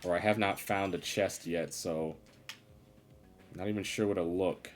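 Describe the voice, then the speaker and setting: Deep-voiced man grumbling over a game. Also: steady tone, unhurried, faint music behind. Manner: exasperated, sarcastic grumbling. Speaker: streamer. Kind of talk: live gameplay commentary.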